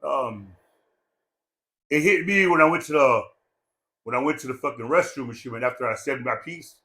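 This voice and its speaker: A man giving a rambling, joking eulogy at a memorial gathering, loud and full of swearing. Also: medium pitch, moderate pace. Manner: profane, loud and jokey, breaks into laughter.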